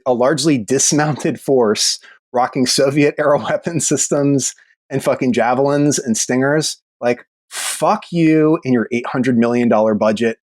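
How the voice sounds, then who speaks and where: A man's voice: mid-range voice, dry recording. A man with a mid-range voice appears as a guest on a podcast, telling stories in casual chat. His speech rambles, swears freely and keeps restarting mid-sentence. The recording is dry, with no room sound. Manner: rambling, profane, halting restarts.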